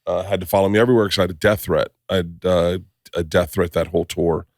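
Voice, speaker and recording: Low-voiced middle-aged man telling rambling stories. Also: fairly even intonation, fast talker, darkish tone, no room sound, studio quality. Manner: profane, rambling storyteller acting out quotes. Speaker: podcast host. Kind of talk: casual chat, storytelling.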